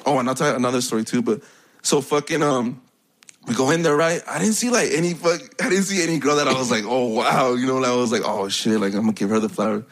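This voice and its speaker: A man's voice: mid-range voice, fast talker. A young man from the United States telling stories in casual chat, rambling, slangy and profane, often laughing.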